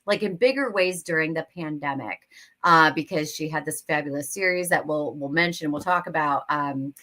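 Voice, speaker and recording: A woman's voice: low-pitched, moderate pace, pushed and bright. A woman hosting a livestream interview over a video call, gushing and enthusiastic, with lots of fillers. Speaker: host.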